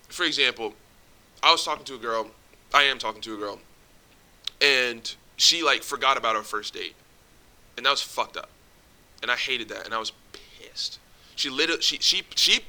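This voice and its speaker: A man's voice: mid-range voice, sharp tone, poor audio. A young man giving blunt, profanity-heavy relationship advice in casual vlog talk, full of street slang. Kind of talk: casual direct-to-camera advice.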